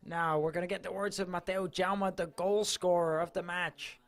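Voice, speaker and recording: A man's voice: high-pitched, flat delivery, moderate pace, a bit bright. A man reporting for a club channel, giving chatty, enthusiastic live match coverage.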